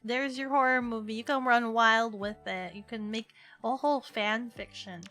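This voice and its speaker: A young woman chatting playfully on a livestream, excitable and quick to burst into laughing shouts. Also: on the high side. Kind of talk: casual stream chat. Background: faint music.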